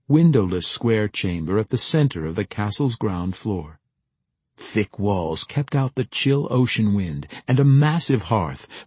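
A man narrating a fantasy novel in an expressive storytelling manner. His voice is low and husky with a lively pitch range. The recording is close and dry. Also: dry recording. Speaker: audiobook narrator.

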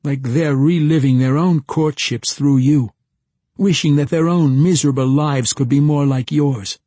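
A man's voice: on the high side, steady tone, unhurried, mellow, breathy edge, no room sound, pitched above the performer's own voice. A man voicing a bitter, sarcastic young man who speaks with a lisp. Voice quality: lisping. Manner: sarcastic, mocking.

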